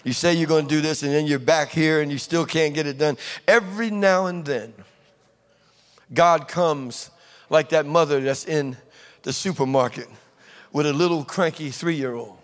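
A man preaching a sermon, telling a lively story and acting out the people in it. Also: on the high side, moderate pace. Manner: storytelling, acting out scenes with voices. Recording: long reverb of a large hall with audience.

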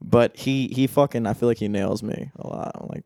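A young American man chatting casually and swearing a lot, telling animated stories with frequent laughter. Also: mid-range voice, moderate pace, dry recording, clean studio sound. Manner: laughing, profane, animated storyteller. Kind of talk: casual chat.

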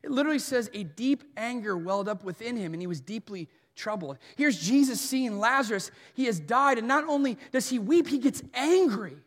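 A man in his thirties preaching an earnest sermon as pastor, swinging between soft and forceful delivery. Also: very high voice, expressive, normal speed, hardly any pauses. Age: 30s. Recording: long hall reverb.

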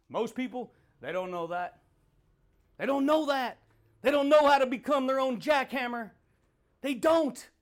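A man hosting a podcast, delivering a rambling motivational monologue, laughing between points and swearing freely. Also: very high-pitched. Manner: repeats catchphrases and calls listeners dude and baby. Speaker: podcast host.

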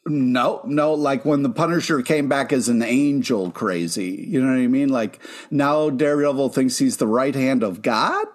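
A man's voice: mid-range voice, moderate pace, few pauses. Rambling casual male podcast co-host. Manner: rambling, filler-heavy. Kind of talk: casual chat.

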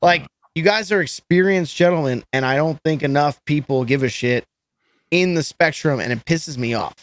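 A man who sings in a metal band, chatting as a podcast guest in an animated, rambling way and swearing freely. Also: on the high side, moderate pace, no echo. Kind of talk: casual podcast chat.

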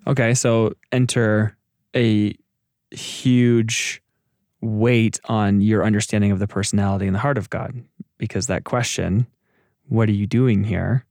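A man with a fairly low voice reflects on faith in an unhurried conversation. He thinks aloud and sometimes stops to search for the right words. The recording is dry and close. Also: steady tone, darkish tone, no echo. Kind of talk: casual faith discussion.

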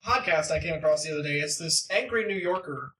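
Comedy podcast co-host, relaxed, storytelling, echoey room. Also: medium pitch, quick pace, distant mic, slight background noise. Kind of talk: casual comedy banter.

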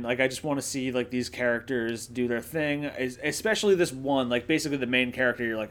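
Easygoing podcast co-host, halting and agreeable. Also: male voice, mid-range voice, fairly even intonation. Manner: easygoing, agreeable, hesitant with many fillers. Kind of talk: casual movie review chat.

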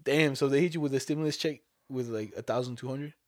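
A young man telling a story in casual chat, animated and swearing, acting out the voices of the people in it. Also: mid-range voice, fast talker, dry recording, clean studio sound.

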